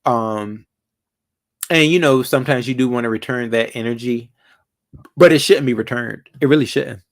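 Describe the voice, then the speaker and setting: A man's voice: medium pitch, moderate pace. A man hosting a casual live chat with callers, laid-back and rambling, with lots of fillers. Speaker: livestream host.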